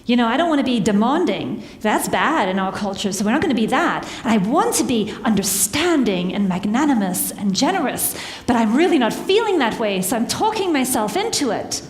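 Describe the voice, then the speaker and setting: A woman's voice: a little high, sing-song, brisk, hardly any pauses. Woman speaking in an echoey hall. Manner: engaging, asks the audience questions, laughs at herself. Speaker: workshop speaker. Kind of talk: conversational talk to a live audience. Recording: echoey hall with long reverb.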